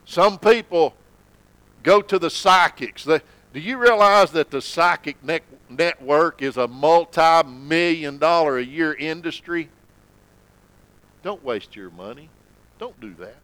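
A man preaching a sermon in church, folksy and conversational, sometimes dropping to a low hush for emphasis. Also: animated, unhurried, no room sound, rough recording. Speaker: pastor.

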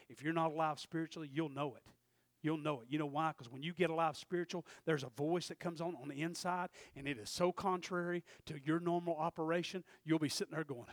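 A man preaching a sermon as pastor, swinging from quiet storytelling to fervent shouting. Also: a little high, no echo.

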